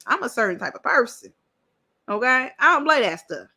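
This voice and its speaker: A woman's voice: on the high side, very animated, normal speed, sharp tone, slightly rough. A woman hosting a reaction commentary, talking bluntly and directly with lots of profanity. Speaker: commentary host. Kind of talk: reaction commentary on a panel clip.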